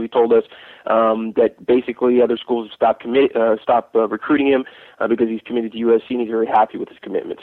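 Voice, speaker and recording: Man, football recruiting talk, rambling with fillers, mid pitch, phone-like tinny audio, dry. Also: dry recording. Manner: rambling, with many fillers and restarts. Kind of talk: casual podcast chat.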